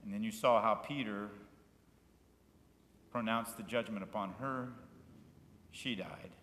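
A male pastor preaching a sermon, shifting between loud, fervent passages and quiet asides, and asking the congregation questions. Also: fairly low pitch, a little slow. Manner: asks the congregation questions and invites them to repeat words. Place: church sanctuary. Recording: echoey church hall with long reverb.

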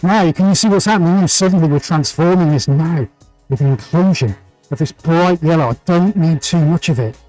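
A chatty man talks viewers through his painting on a live stream. His voice sits a little high, he laughs easily and reads out greetings by name. Soft music plays in the background. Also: normal speed, poor audio. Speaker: livestream painting host.

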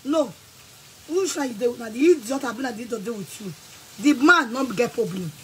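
A woman with a Nigerian accent delivers a furious rant, scolding and threatening with sudden shouted bursts. Her voice sits a little higher than most women's. Faint noise hums underneath. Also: lively intonation, a little fast, low-quality recording. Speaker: vlogger. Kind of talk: angry rant to camera.

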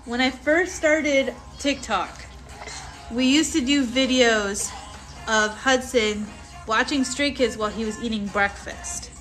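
Chatty mom doing a live stream at home, high voice, music going in the background. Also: female voice, takes it slowly, fairly bright tone. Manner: playful and chatty, laughs often. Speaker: livestream host and mother. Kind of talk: casual livestream chat with her child. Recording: livestream with music playing behind. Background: music playing.

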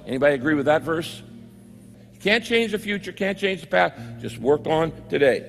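A man preaching a sermon as pastor, emphatic and repetitive, slowing down to quote scripture. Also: a little high, animated, vocal fry, long reverb tail, faint music behind. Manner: emphatic, repeats key phrases, slows on scripture quotes.

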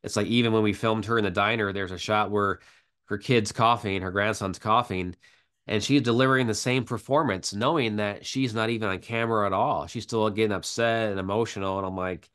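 A man's voice: fairly low pitch, steady tone, brisk, fairly bright tone, clear, resonant tone. A man being interviewed about his film work, telling stories casually with many fillers, restarts and "like"s. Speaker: guest, filmmaker.

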